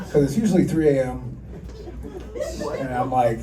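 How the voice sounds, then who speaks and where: A man's voice: mid-range voice, slow, long pauses, very noisy. A man in his thirties doing a crude, self-deprecating stand-up set and riffing with the audience. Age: 30s. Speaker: stand-up comedian. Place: comedy club stage with a laughing crowd. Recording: roomy live club sound from a distance.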